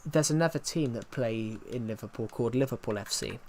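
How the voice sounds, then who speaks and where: A man's voice: mid-range voice, brisk, darkish tone. A man, chatting casually on a live stream, answering chat with many fillers and restarts. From England.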